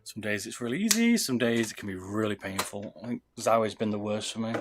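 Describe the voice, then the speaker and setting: A man's voice: on the low side, animated, a little fast, background noise. A British man chatting casually with viewers on a livestream while soldering, calling people "mate". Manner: chatty, talks to viewers, says "mate" a lot. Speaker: livestreamer modding gaming mice.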